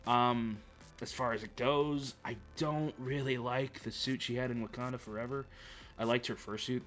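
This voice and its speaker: A man's voice: mid-range voice, a bit bright. A man talking casually to camera about upcoming films, rambling with frequent stammered restarts. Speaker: movie vlogger. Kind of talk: casual chat.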